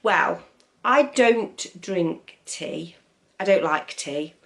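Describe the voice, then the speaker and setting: A woman with an East Midlands English accent talks to her camera in a slow, unhurried way, her voice sitting a little low. She rambles casually, filling pauses with ums and opinionated asides. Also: expressive, gravelly. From East Midlands, England. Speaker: vlogger.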